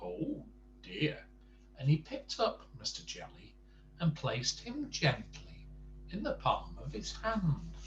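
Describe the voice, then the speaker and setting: An older man reads a bedtime storybook aloud to his grandchildren, gentle and expressive. His pitch swoops a great deal and he reads slowly. A faint hum lies under a roomy echo. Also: lo-fi sound.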